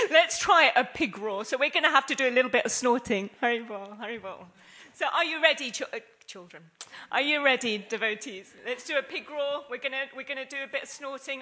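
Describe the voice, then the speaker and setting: A woman's voice: sits high, a little fast, sharp tone. A woman giving an interactive scripture class, playful and laughing often as she quizzes her listeners. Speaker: class speaker.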